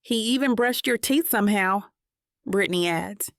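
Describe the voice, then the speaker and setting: A woman narrating a first-person romance audiobook in a measured, even way. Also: medium pitch, no echo, studio quality.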